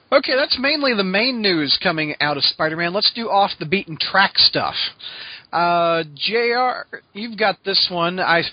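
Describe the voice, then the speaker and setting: Host type: high-voiced man, lively, jokey, dry dull lo-fi sound. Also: dry recording. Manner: jokey, laughs often, steers topics. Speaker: podcast host. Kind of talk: casual chat.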